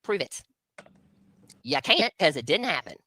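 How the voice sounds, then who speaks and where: Combative woman commentator, low bright voice, close dry sound. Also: sing-song, a little slow, breathy edge, dry recording. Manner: blunt, combative, repeated challenges. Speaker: livestream co-host. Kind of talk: heated casual commentary.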